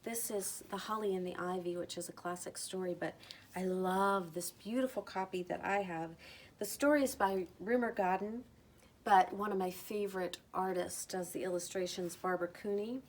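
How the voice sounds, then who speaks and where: A middle-aged woman talking casually about books she loves, gentle and enthusiastic, lingering over her words. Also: mid-range voice, steady tone, moderate pace, a little hiss or hum. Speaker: book vlogger. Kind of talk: casual recommendation talk.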